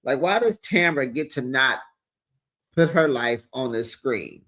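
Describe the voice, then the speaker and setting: A man hosting a casual reality TV recap, sassy and animated, talking straight to his viewers. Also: medium pitch, unhurried.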